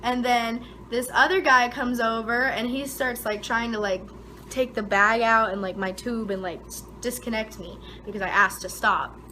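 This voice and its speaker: Animated young woman telling a story. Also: normal speed, slight background noise, rough recording. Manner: animated, dramatic retelling with frequent "like" fillers; voice jumps high and loud when quoting herself. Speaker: vlogger. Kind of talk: casual storytime vlog.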